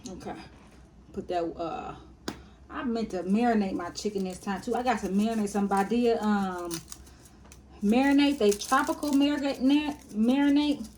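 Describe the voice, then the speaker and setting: A woman talks her viewers through a home-cooked meal in a relaxed, chatty way. She calls them y'all and baby as she works. Her voice sits at an ordinary pitch for a woman, with a faint hiss of noise behind it. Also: normal speed. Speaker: cooking vlogger. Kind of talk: casual cooking tutorial. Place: home kitchen.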